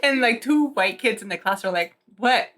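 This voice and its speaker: A woman's voice: medium pitch, lively intonation, fairly quick, a bit bright. A woman streamer in casual chat, telling a story with frequent laughter. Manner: giggly, storytelling.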